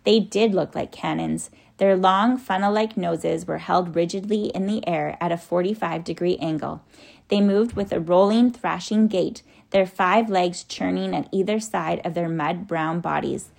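Woman reading a storybook, gravelly voice. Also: lowish voice, measured pace. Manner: lively, acts out the characters.

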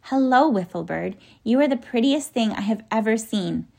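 A woman's voice: on the high side, expressive, normal speed, creaky, warm tone, pitched above the performer's own voice. A woman voicing an eager, curious young girl who asks questions in wonder, in a storybook reading.

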